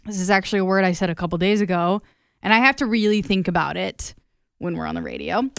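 A woman's voice: medium pitch, fast talker, creaky, a bit bright, smooth, no room sound, clean studio sound. A young woman in her twenties co-hosting a radio show, chatting casually and poking fun at herself. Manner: self-deprecating, chatty. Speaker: radio co-host.

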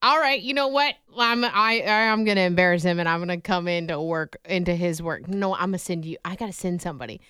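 A woman's voice: lowish voice, fairly even intonation, brisk, hardly any pauses, fairly bright tone, clean tone, dry recording, clean studio sound. A woman co-hosting a radio show, telling a story in a chatty way and laughing often. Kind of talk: casual radio banter.

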